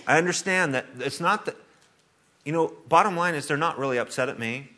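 A man preaches to his congregation with a bright, forceful tone. His voice sits a little high for a man. He tells stories and laughs often as he talks. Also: brisk. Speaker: pastor. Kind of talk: sermon.

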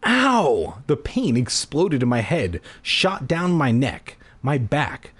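A man hosting a read-aloud podcast, narrating with a husky, slightly breathy voice. His pitch leaps up and down as he plays up the drama. He keeps breaking off into crude throwaway jokes. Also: very animated, takes it slowly. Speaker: podcast host reading a children's horror book aloud. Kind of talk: comedic read-aloud with jokey asides.

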